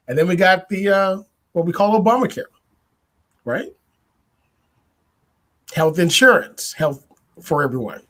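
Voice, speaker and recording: A man hosting a podcast, giving a political commentary monologue in a deliberate way, building points with repetition and rhetorical questions. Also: high-pitched, sing-song, a bit bright. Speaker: podcast host.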